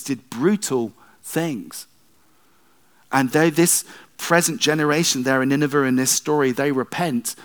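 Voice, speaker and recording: A man preaching a sermon, retelling the story in a conversational way with wry asides and swings between loud emphasis and hushed moments. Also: medium pitch.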